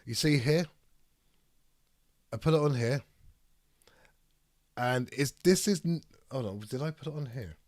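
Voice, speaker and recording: Raspy man, sick and rambling. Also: mid-range voice, measured pace, long pauses, a little mellow, no echo, clean studio sound. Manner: reads chat aloud, rambling and swearing. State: ill with a cold, raspy throat. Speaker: streamer hosting a debate. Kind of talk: casual live-stream chat.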